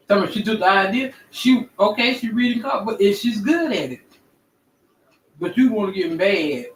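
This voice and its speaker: A man's voice: high-pitched, expressive, normal speed. A man on a livestream telling a story at length, rambling and indignant. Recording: distant echoey mic with faint background noise.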